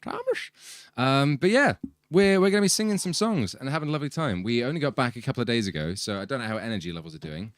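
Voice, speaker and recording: A man's voice: mid-range voice, sing-song, fast talker, dry recording, clean studio sound. A young man in a band, casually chatting and hosting a livestream with his bandmates. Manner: chatty, laughs often, says he is sleepy. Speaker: band member hosting the stream.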